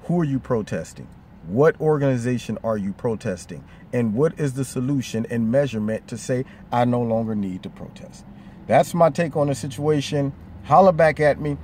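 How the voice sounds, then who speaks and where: A man's voice: mid-range voice, moderate pace, darkish tone, a little hiss or hum. Man talking opinion commentary. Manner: conversational, emphatic, slips into quoted voices. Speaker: vlogger.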